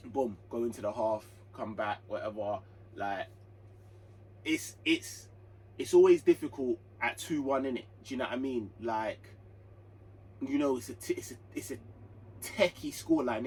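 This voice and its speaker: A young man rambles through a football match review in heavy slang, often restarting his sentences. His voice sits at an ordinary pitch. He is a little away from the mic, with a faint hum behind him. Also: darkish tone, recorded from a distance, low-quality recording. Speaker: football channel host.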